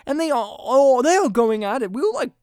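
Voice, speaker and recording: Speaking fairly quickly in a high voice, a woman co-hosting a podcast animatedly recounts a film, imitating characters and laughing often. It's a casual movie review chat with clean studio sound and no echo.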